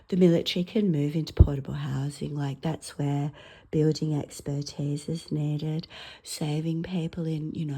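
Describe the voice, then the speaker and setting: Doing stand-up storytelling, a middle-aged woman with an Australian accent and a low, slightly rough voice spins rambling tales. She swears freely as a comic, moving between loud outbursts and murmured asides.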